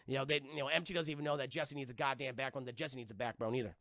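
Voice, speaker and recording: A man recapping a cartoon episode for a live-stream chat, talking in an energetic, profane, and animated way. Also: medium pitch, very fast, dry recording. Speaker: livestream cartoon reviewer.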